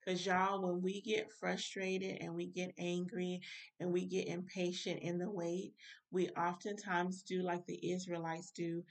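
A woman minister teaches scripture in a relaxed, informal way, talking straight to her listeners. Her voice sits low and keeps to a narrow, even range. She is heard from a little way off the microphone. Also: recorded from a distance. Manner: informal, direct address to listeners. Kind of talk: Bible study teaching.

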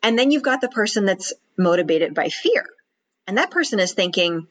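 Woman coaching with lively acted-out examples. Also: mid-range voice, poor audio. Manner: acts out worried inner voices in quick asides. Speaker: public speaking coach. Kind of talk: podcast interview chat.

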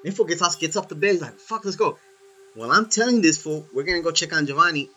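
Slightly high-voiced and fast-talking, a man recounts a story during a casual chat. He gets animated, curses often, and leans on "dude" again and again.

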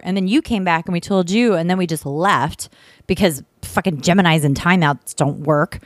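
A woman's voice: on the low side, a little fast, dry recording, studio quality. A woman co-hosting a casual chat, telling stories with lots of swearing and laughter. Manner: animated storytelling, swearing, frequent laughs. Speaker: podcast co-host.

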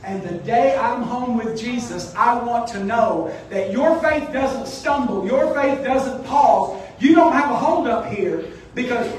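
A man's voice: very high-pitched, a little slow, hardly any pauses, a little mellow, slight background noise. A man preaching a sermon as pastor, emphatic and exhorting his congregation. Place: church sanctuary. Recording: echoey church hall, mic at a distance.

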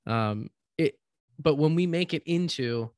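A man's voice: on the high side, animated, measured pace, darkish tone, no room sound, studio quality. A man co-hosting a faith podcast, reflective, building his points with pointed questions. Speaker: podcast co-host. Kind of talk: casual faith podcast chat.

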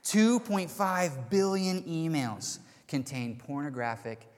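Pastor preaching in a reverberant church. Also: male voice, on the high side, slow pace. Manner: energetic storytelling, casual and conversational. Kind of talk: sermon.

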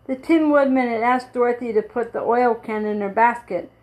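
A woman reads a children's storybook aloud in a fairly high voice. She keeps a steady, plain narrating pace and stumbles now and then before going on. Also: moderate pace, low-quality recording. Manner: steady reading with small slips and restarts. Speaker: reader.

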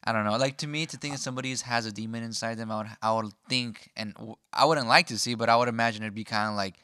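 A young man in casual podcast chat, animated and rambling as he thinks aloud. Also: mid-range voice, quick pace, smooth.

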